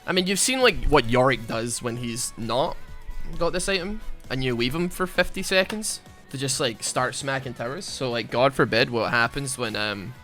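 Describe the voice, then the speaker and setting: A young man giving casual, rambling gameplay commentary, self-mocking and given to sudden loud outbursts at the game. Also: mid-range voice, lively intonation, normal speed, faint music behind. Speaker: gaming YouTuber.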